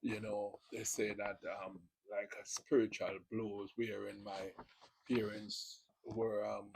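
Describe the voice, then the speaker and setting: Husky Jamaican man, rambling chat. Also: on the low side, flat delivery, takes it slowly, poor audio. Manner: rambling, full of "you know" fillers. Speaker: video channel host. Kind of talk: casual spoken testimony.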